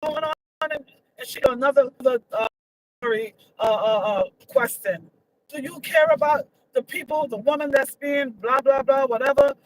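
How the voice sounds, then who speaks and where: A woman's voice: high-pitched, normal speed, poor audio. A woman giving her opinions in a casual vlog, emphatic and repetitive, her voice leaping up when she gets indignant. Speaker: vlogger.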